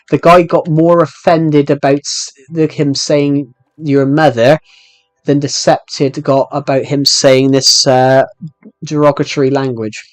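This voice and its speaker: A young man from Britain with a thick regional British accent, chatting casually on a live stream and rambling quickly with many restarts. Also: a little high, no echo.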